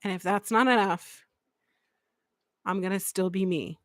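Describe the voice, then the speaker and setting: A woman's voice: medium pitch, measured pace, a bit bright, no echo. Woman host, raw heartfelt monologue, swears a lot, dry close sound. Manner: emotional, blunt, swears freely. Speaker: podcast host. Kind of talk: candid live podcast monologue.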